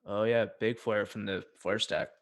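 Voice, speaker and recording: Low-voiced man hosting a livestream. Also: steady tone, normal speed. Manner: friendly, appreciative, rambling. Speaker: livestream host. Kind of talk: casual livestream commentary.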